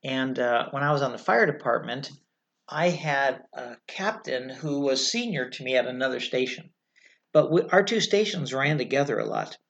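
A middle-aged woman from California recounts her years as a fire officer in a frank, animated way, swearing when she makes a point. The recording is slightly dull and lo-fi. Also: a bass voice, moderate pace, vocal fry. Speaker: retired fire officer telling a story. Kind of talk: candid storytelling interview.

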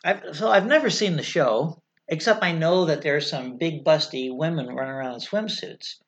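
A woman's voice: sits low, moderate pace. Middle-aged Californian woman, ex-fire officer, interview guest; frank, blunt storyteller, a bit muffled on a lo-fi recording.

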